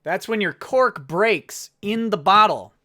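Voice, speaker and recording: A man's voice: sits high, lively intonation, slow pace, bright, forceful tone. A man hosting a casual livestream, sarcastic and self-mocking, often breaking into laughter. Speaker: livestream host.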